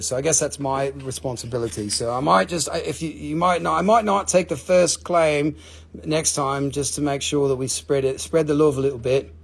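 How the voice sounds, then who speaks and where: A man's voice: fairly high pitch, creaky. A man hosting a live stream to sell crystals, talking casually, swearing freely and counting down each sale.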